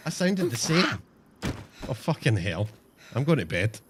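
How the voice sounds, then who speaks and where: A man's voice: mid-range voice, big pitch swings, unhurried, background noise. A man streaming a game, chatting casually and self-mockingly to viewers, swearing often. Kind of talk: casual live-stream chat.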